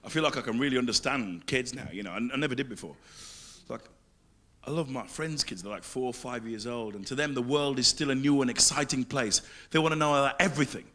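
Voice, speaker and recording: A middle-aged English man performing a live stand-up routine, animated, swinging between loud bursts and low mutters. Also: fast talker. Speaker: stand-up comedian.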